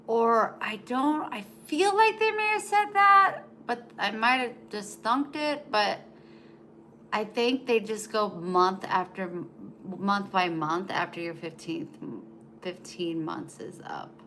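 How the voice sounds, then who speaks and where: A woman chats on a casual live stream from her home and talks to her dog in baby talk. Her voice is bright and she speaks at an unhurried, drawn-out pace. A faint hum of household noise sits behind her. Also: medium pitch, expressive. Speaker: vlogger.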